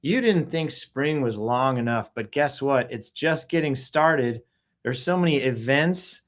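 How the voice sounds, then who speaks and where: A man hosts a relaxed live stream, reading out news items and viewer posts. His delivery is offhand and playful, broken up by hummed sound effects and frequent throat clearing. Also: mid-range voice, measured pace. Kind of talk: casual live-stream commentary. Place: at home in Texas.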